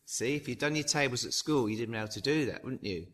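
A man's voice: medium pitch, fast talker, a bit bright. A man preaching a sermon in a chatty way, adding tag questions and acting out the dialogue of the story. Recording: long hall reverb.

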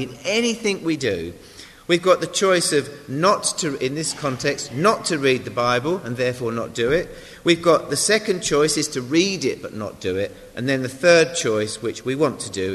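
Male lay preacher, mid-pitched voice, conversational sermon, long hall reverb. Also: fairly bright tone. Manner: chatty, self-deprecating, with asides to the congregation. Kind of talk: informal sermon.

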